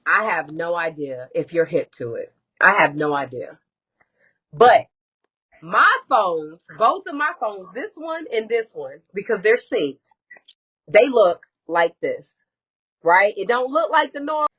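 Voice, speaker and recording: A woman speaks as a live-stream guest with a husky, breathy voice, talking candidly and bluntly and swearing freely. The audio is dull and lo-fi, typical of a streamed chat. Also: mid-range voice, very animated, measured pace. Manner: candid, blunt, swears often, rising to crying outbursts. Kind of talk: emotional personal story on a live stream.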